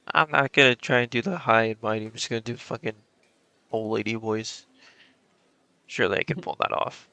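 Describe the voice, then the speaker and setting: A man's voice: mid-range voice, creaky, sharp tone, clear, resonant tone, dry recording. A young man streaming, reading a visual novel aloud dramatically and adding joking asides.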